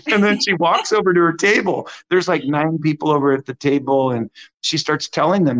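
A man giving a conversational testimony as a guest minister, animated and acting out the quotes of the people in his story. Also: a little high, a little fast.

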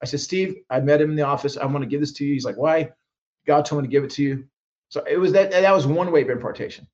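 Fast-talking man telling stories. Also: a little high, darkish tone, highs cut off. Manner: acts out quoted voices, frequent restarts. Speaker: guest minister. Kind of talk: animated storytelling interview.

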